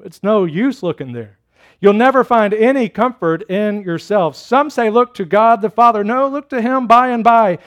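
A man voicing a thin, plain lay preacher who pleads with his listeners and grows louder as he urges them on. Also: sits high, normal speed, muffled recording, voice pushed up, lightly acted. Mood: pleading. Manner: pleading, emphatic, rising louder. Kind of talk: sermon.

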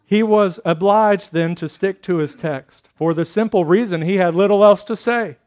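A male pastor preaches a sermon in a fairly high voice. He tells his story slowly and dramatically, stretching out key phrases. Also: a little mellow.

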